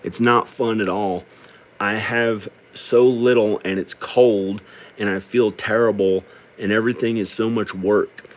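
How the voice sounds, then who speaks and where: A middle-aged man with a slightly low voice pours out a personal confessional monologue. He sounds tearful and downcast, halting and rambling as he goes. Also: fairly even intonation. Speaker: video creator.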